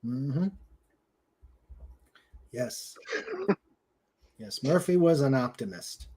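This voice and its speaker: A man's voice: mid-range voice, expressive, mellow. A man with a New England accent hosting a casual web show, telling jokes and laughing often. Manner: joking, unhurried, laughs often. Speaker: host.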